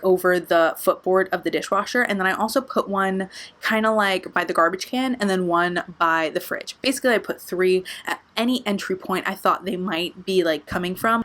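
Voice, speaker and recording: A young woman vlogger telling a storytime tale in a lively, expressive way, swearing freely. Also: mid-range voice. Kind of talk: storytime vlog.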